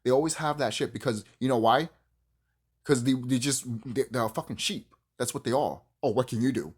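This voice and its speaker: A man's voice: medium pitch, moderate pace, breathy edge. A man from the United States ranting on his vlog in a heated, profane, preachy and rambling way. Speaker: vlogger. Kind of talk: unscripted rant to camera.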